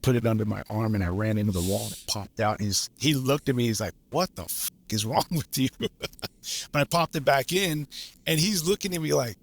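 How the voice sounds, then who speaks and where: A man's voice: medium pitch, fairly quick, vocal fry. A man, a lineman guest from Los Angeles, telling stories in a laid-back way, swearing freely and laughing as he goes. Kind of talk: casual storytelling.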